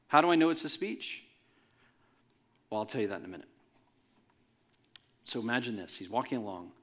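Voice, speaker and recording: Male pastor, conversational sermon delivery, big pitch swings, jokes with the congregation. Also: animated, fast talker, pauses often. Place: church in front of a congregation.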